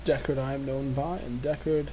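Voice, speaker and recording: A man doing a gentle old man who speaks slowly in an old-fashioned, courteous way, with a mellow, warm tone. His questions come at an unhurried pace. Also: medium pitch, little pitch movement, slight background noise, close to an everyday voice, rough recording. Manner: slow, courteous, formal old-fashioned speech.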